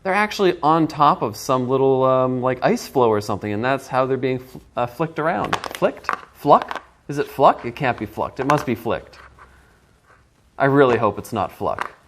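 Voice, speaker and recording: A man's voice: mid-range voice, animated, normal speed, a bit bright, slight background noise. A man reviewing a board game in a casual first-person video, musing aloud with playful asides.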